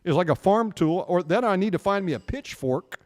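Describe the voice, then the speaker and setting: Animated storytelling man with reverb. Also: high-pitched, brisk. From United States. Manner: animated anecdote teller, acts out dialogue. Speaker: radio show host. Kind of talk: casual storytelling chat.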